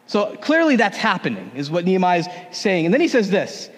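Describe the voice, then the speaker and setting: A man preaching a sermon in a relaxed, conversational way, with humor. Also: high-pitched, brisk, hardly any pauses. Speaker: pastor. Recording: long hall reverb.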